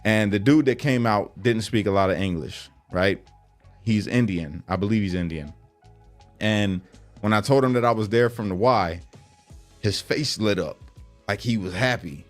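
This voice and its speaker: A man's voice: lowish voice, moderate pace, faint music behind. A man talking in a casual, earnest vlog monologue, full of slang and fillers, sharing the day's reflections with his viewers. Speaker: vlogger.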